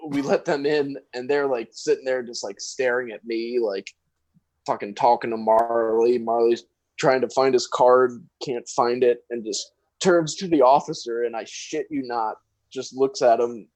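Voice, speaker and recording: A man's voice: mid-range voice, a little mellow, no echo, poor audio. A young man co-hosting a podcast, telling a story in a casual, profane way and acting out what people said. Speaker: podcast co-host.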